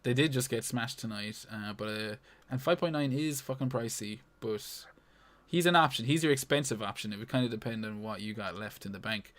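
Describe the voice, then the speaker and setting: A man's voice: medium pitch, brisk, fairly bright tone. A man co-hosting a podcast in casual chat, laid-back, swearing freely and using lots of fillers. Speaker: podcast co-host.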